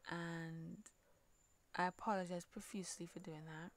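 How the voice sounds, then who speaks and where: A woman with a Trinidadian accent hosting a podcast, telling a personal story in a halting way, repeating words, swearing and sometimes dropping almost to a whisper. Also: fairly low pitch, fairly even intonation. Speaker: podcast host.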